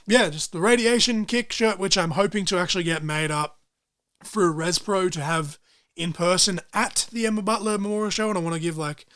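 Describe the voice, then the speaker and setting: A young man co-hosting a casual podcast, talking in an excitable, rambling way and swearing freely. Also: high-pitched. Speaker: podcast co-host.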